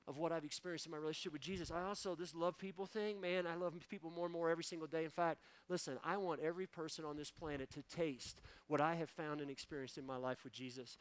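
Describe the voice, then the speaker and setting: Man, 40s, pastor, emotional sermon, repeats phrases, slightly high voice, dry close sound. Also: steady tone, quick pace, clear, resonant tone, dry recording. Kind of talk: sermon ending in prayer. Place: church sanctuary.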